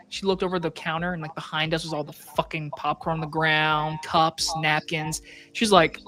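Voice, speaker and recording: A person in their twenties tells a story in a loose, profane chatting style, acting out each character along the way. The voice sits at a middle pitch, and faint music plays underneath. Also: moderate pace. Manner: profane, animated, acts out quoted customers. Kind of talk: casual chat, storytelling.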